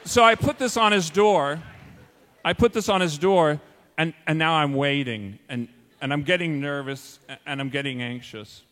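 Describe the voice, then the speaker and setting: Animated man telling a story in a hall. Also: on the high side, normal speed. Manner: animated, self-mocking storyteller. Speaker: school teacher telling a personal story. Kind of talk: first-person storytelling to an audience.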